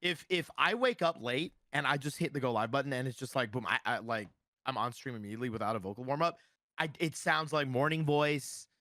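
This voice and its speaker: A man's voice: mid-range voice, fast talker, bright, forceful tone, dry recording. Rambling man on a close dry mic. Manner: rambling, many fillers and restarts. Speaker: streamer guest. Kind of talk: casual podcast chat.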